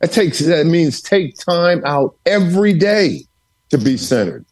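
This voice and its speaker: A man's voice: fairly high pitch, very animated, measured pace, darkish tone. Male podcast guest telling stories from his home study, emphatic and preacher-like in his repetition. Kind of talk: storytelling interview.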